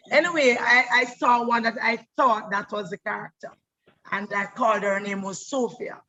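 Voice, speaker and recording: A middle-aged actress, telling her life story in an animated way, often repeating words as she goes. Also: a little high, moderate pace, rough recording. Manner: animated, repeats words, breaks into voices and laughter. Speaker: stage actress. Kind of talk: personal storytelling monologue.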